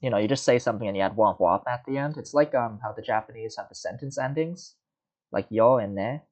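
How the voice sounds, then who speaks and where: A man's voice: lowish voice, fairly quick, darkish tone. A man giving casual, rambling commentary while playing a card game, muttering and mocking himself.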